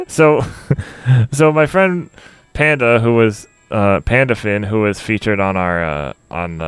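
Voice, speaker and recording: A man's voice: fairly low pitch, fairly bright tone, clean tone, no echo. A man hosting a casual podcast chat about video games, rambling a little and laughing often. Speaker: podcast host.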